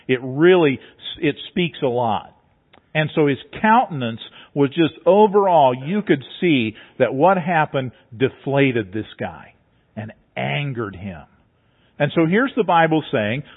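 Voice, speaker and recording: A man preaching a sermon, explaining a passage step by step in a teacherly way and often repeating words as he goes. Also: on the high side. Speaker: pastor. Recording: tinny phone-like sound.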